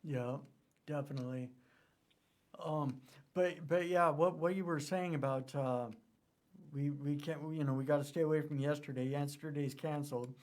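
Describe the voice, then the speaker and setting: A man hosting a podcast, talking earnestly with many pauses and fillers. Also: fairly high pitch, steady tone, darkish tone. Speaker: podcast host. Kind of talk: casual interview chat.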